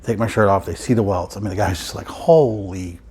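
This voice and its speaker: Husky and fairly low-pitched, this man talks rapid-fire in a steady tone while recounting a long personal story at home. He's a vinyl collector vlogger, rambling, wry and constantly interrupting himself to restart.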